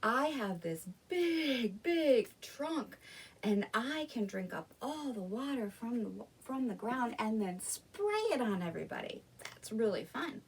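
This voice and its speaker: A woman's voice: fairly high pitch, very animated, unhurried, husky, distant mic, exaggerated voice. A woman voicing a cheerful, proud elephant in a storybook, stretching out her words.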